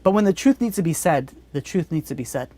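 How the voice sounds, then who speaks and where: A woman's voice: sits low, expressive, quick pace, dark tone. A woman giving a religious lesson in a blunt, conversational way, with frequent restarts. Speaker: Torah teacher.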